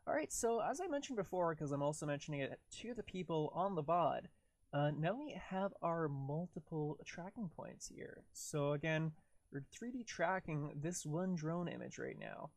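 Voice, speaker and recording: Man, relaxed livestream editor, rambling and jokey, gravelly edge, dry mic. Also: fairly high pitch, moderate pace, dry recording. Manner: rambling, self-narrating, jokey. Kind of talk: casual live tutorial talk.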